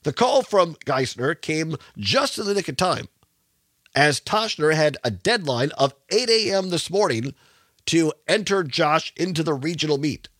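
A man's voice: a little high, lively intonation, measured pace, fairly bright tone, dry recording. A man in his fifties hosting a call-in radio talk show, chatting with callers and reading local news aloud. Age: 50s. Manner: chatty, repeats phone number, reads news aloud.

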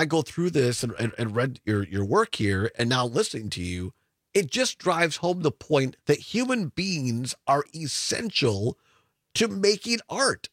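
A man hosting an interview, lively and quick to laugh, asking questions and reading passages aloud. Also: a little high, dry recording, studio quality. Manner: animated, laughs often, reads excerpts aloud. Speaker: radio show host.

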